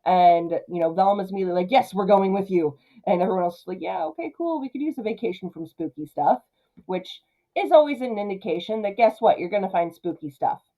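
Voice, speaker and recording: A young woman giving casual film commentary, chatty and quick to slip into character voices. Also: medium pitch, lively intonation, dark tone, low-quality recording. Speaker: film reviewer.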